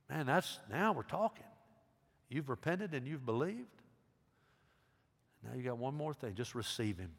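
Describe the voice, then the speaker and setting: A middle-aged man, a pastor giving an earnest altar call, swinging between loud emphasis and hushed pleading. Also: on the high side, animated, moderate pace, pauses often. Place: large church sanctuary. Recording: long hall reverb.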